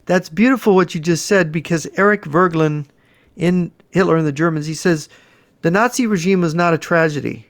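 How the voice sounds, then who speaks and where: This is an animated man talking over a video call. His voice is pitched somewhat high for a man, and he leans on quotes and anecdotes from history books. The sound is dry and close. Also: fairly quick, dry recording.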